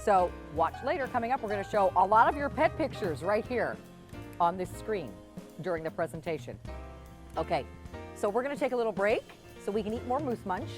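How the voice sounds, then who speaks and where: A woman's voice: medium pitch, big pitch swings, a little fast, music in the background. A woman hosting a live home shopping show, chatty and talking while tasting food. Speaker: shopping channel host. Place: TV studio kitchen set.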